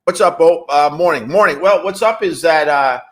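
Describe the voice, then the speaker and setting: A man's voice: fairly high pitch, normal speed. A man hosting a casual livestream, reading chat messages and rambling wryly with casual swearing. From New York.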